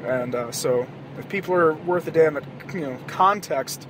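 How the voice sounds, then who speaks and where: A male podcast host from the American South rambles and swears through a casual late-night monologue in a high voice at a moderate pace. He's in a moving car with faint road noise behind him, and every so often he erupts into loud, animated outbursts.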